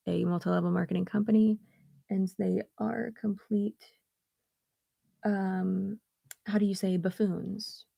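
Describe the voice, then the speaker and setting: A woman's voice: lowish voice, gravelly, no room sound, studio quality. A woman chatting casually on a livestream while getting ready, blunt and sarcastic, swearing freely as she talks. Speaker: beauty YouTuber. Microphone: streaming setup at home.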